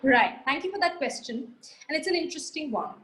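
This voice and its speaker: A high-pitched woman with an Indian English accent answers audience questions. She talks in a brisk, confident way and sets out her points in order. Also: expressive, fairly bright tone, poor audio. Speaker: marketing guest speaker. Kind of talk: live Q&A answer.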